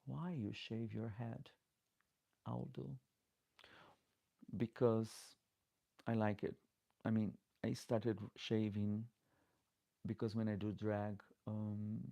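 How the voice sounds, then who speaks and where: A middle-aged man with a lowish, gravelly, mellow voice, talking into a close desk mic in a dry, dead room. He hosts a live Q&A as a drag performer, reading viewer comments and rambling with many restarts in slightly broken English. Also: no room sound. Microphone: desk microphone.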